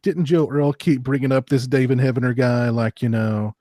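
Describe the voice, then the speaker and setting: A man's voice: mid-range voice, steady tone, moderate pace, warm tone, no echo, studio quality. A man co-hosting a commentary who asks long questions full of restarts. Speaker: co-host.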